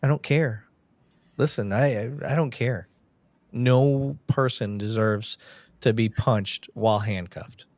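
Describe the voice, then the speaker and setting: A man's voice: medium pitch, takes it slowly, darkish tone, no room sound. A man hosting a police-topic livestream, talking bluntly and heatedly with plenty of swearing. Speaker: podcast host, police sergeant. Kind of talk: casual livestream chat.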